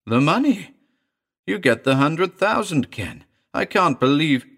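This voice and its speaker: A man's voice: low voice, sing-song, slow pace, gravelly, a bit bright, heavily acted. A man voicing a jittery, frightened young man who talks in urgent, panicky bursts. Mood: stunned, disbelieving.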